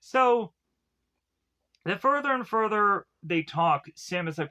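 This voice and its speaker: A man with a fairly high, bright, edgy voice talks through a movie's plot in a loose, rambling way. He leans on filler words and restarts as he retells scene after scene. It sounds unscripted and casual. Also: animated, takes it slowly, pauses often. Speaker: film reviewer. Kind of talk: casual spoken film review retelling the plot.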